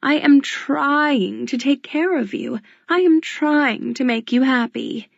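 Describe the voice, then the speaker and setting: A woman's voice: mid-range voice, a little slow, vocal fry, dry recording. A woman voicing a haughty aristocratic duchess in an audiobook, with a clipped, commanding and condescending manner. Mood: indignant. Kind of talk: audiobook character voice. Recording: dull lo-fi dry recording.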